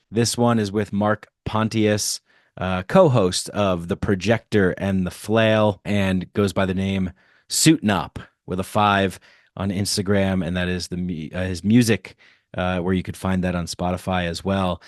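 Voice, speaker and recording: Brief: low-voiced male host, casual and joking, dry close-mic sound. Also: little pitch movement, a little slow, no room sound. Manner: jokey, self-deprecating and rambling. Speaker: podcast host. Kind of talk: casual solo podcast intro. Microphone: close podcast microphone.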